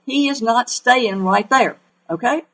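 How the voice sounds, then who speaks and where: Animated Southern woman psychic host. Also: on the high side, unhurried, poor audio. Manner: animated, folksy and emphatic. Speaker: pet psychic radio host. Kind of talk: call-in radio advice.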